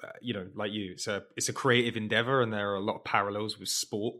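Lower-voiced man in a thoughtful chat. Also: steady tone, fast talker, pushed and bright. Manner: thoughtful, hesitant starts, then fluent. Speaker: podcast co-host. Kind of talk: casual football chat.

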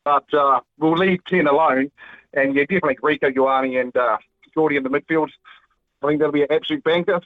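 Relaxed New Zealand caller on a phone line. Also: male voice, fairly high pitch, fairly quick, no room sound. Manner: relaxed, casual, matey.

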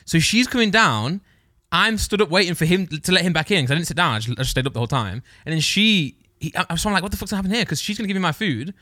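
A man races through a rambling story, stumbling over and correcting his words. His voice is bright and forceful, and the sound is close and dry with no room echo. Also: fairly high pitch, lively intonation, fast, hardly any pauses. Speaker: podcast co-host telling a story. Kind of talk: casual storytelling chat.

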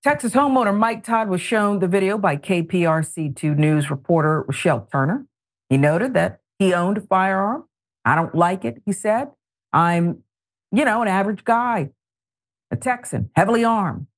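A middle-aged woman hosting a news talk show, reading stories and adding pointed, animated commentary. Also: mid-range voice, moderate pace. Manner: animated, editorializing with pointed asides.

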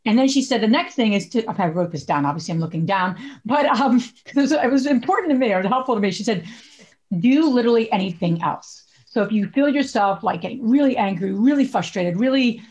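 A woman's voice: on the high side, animated, fairly quick, darkish tone, muffled recording. A woman co-hosting a podcast in casual chat, chatty and full of fillers, laughing as she talks. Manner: chatty, many likes, laughs while talking. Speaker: podcast co-host.

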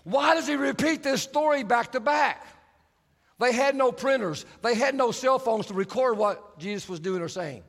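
High-voiced preacher in a big hall. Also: male voice, creaky, a bit bright. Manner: emphatic preaching with deliberate repetition and playful asides. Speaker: pastor. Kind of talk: sermon. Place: large church auditorium. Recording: long reverb of a large hall.

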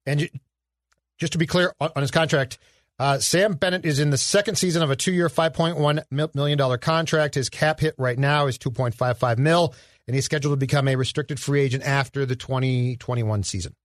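A man's voice: medium pitch, a little fast, no echo, studio quality. A man co-hosting a casual sports podcast, laying out a trade and quizzing his partner with playful teasing. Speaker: podcast co-host.

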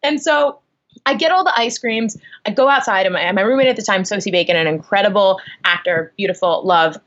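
A woman's voice: medium pitch, fairly quick. Chatty young woman telling a story. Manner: animated, lots of likes and ums. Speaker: guest. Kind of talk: casual storytelling. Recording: dull lo-fi sound.

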